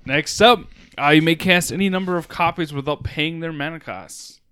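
A man co-hosting a casual gaming podcast, reading card previews with dry, deadpan teasing. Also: a little high, moderate pace, smooth. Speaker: podcast co-host.

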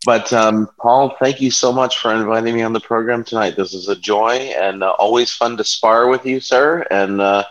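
A man's voice: lowish voice, fairly even intonation, normal speed, hardly any pauses, fairly bright tone. A talkative, wordy man speaking as a guest in a casual discussion. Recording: dull muffled audio.

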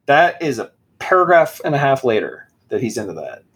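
A man's voice: mid-range voice, big pitch swings, fairly quick, fairly bright tone, slightly rough. A man co-hosting a podcast, casually mocking a book as he reads passages aloud in a sarcastic, dramatic way. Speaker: podcast co-host.

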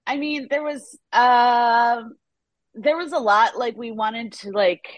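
A woman's voice: fairly high pitch, slow, no room sound, lo-fi sound. A woman TV writer, a podcast guest, chatting casually with lots of fillers and frequent laughs. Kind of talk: casual interview chat.

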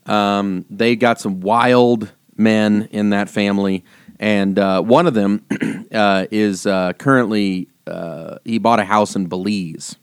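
A man's voice: lowish voice, fairly even intonation, slow pace, clear, resonant tone, no echo, studio quality. A man in his thirties, a priest co-hosting a podcast, telling rambling anecdotes full of fillers and restarts. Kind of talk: casual podcast chat.

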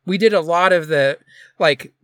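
A man co-hosting a casual podcast, talking haltingly about his old coffee shop job, with many fillers. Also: a little high, a bit bright, no room sound, studio quality. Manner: rambling, hesitant, with many fillers. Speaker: podcast co-host; former coffee shop worker. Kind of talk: casual chat.

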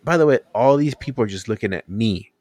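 Animated man telling stories casually. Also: medium pitch, fast, no room sound. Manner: animated storytelling, acts out quotes. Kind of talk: casual chat.

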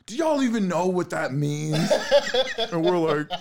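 Guy in his thirties, podcast co-host, lively swing in pitch, laughs through his stories. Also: measured pace, creaky, over a noisy crowd. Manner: laughing storyteller, lots of swearing. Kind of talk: casual chat.

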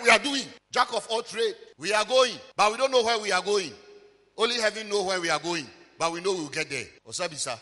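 A man, a pastor preaching with call-and-response and sing-song shouting in a church. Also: sits high. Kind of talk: sermon. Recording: long reverb, faint music behind.

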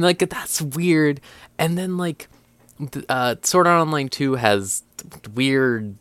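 A man's voice: mid-range voice, fairly bright tone, no echo. A young man on a podcast, chatting casually and incredulously, with lots of filler words and swearing. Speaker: podcast co-host. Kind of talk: casual chat.

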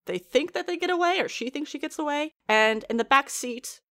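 Young woman recapping a tv episode, super animated, cussing and laughing. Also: high-pitched, brisk. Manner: animated, swears freely, laughs often. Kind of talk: casual chat recapping a TV episode.

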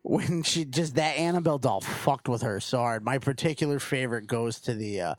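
A man's voice: mid-range voice, fairly quick. A man in casual, profane movie chat, animatedly retelling horror scenes and cursing constantly.

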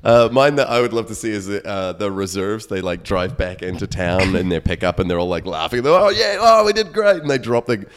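A man's voice: brisk, hardly any pauses, background noise. A man hosting a casual movie podcast, acting out imagined scenes as stories. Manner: storytelling, acts out dialogue with big pitch swings. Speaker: podcast host. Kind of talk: casual chat.

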